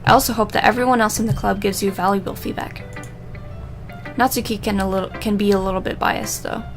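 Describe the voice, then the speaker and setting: A woman voicing a shy, polite, bookish teenage girl, speaking softly and hesitantly while reading game dialogue aloud. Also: medium pitch, fairly even intonation, a little fast, soft background music, natural voice. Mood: gentle. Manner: soft, hesitant, apologetic.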